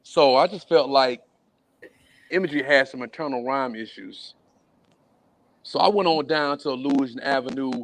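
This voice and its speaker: A man performing spoken word poetry at a virtual open mic, full of playful wordplay and swinging from low murmurs to raised shouts. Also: moderate pace, long pauses. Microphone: video call.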